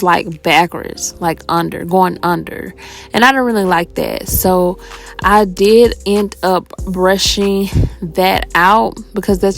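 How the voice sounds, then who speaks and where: A young woman talking viewers through a hair tutorial in a casual, chatty way, out of breath and tired. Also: mid-range voice. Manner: chatty, addresses viewers as y'all.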